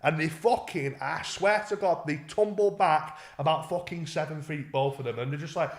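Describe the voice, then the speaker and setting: A young man with a fairly high voice tells a story in animated casual chat, swearing freely and stumbling over restarts. His voice bounces around a roomy, echoey space. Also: moderate pace, few pauses. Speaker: podcast co-host. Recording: echoey room.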